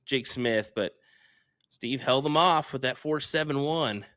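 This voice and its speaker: A man's voice: medium pitch, unhurried, fairly bright tone, no room sound, studio quality. A man co-commentating live darts in a laid-back way, urging viewers to share the stream.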